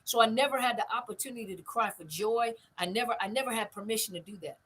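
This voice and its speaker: A woman's voice: on the high side, fast talker, fairly bright tone, husky, rough recording. An older woman, hosting a family conversation and telling stories with emphatic repetition. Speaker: host.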